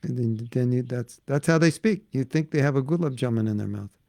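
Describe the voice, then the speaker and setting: Older man, gravelly voice, dry close sound, casual spiritual teacher. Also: mid-range voice, a little fast, mellow, no echo. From United States. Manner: chatty, answers questions from the audience; breaks into chanted prayers. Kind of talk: informal devotional class.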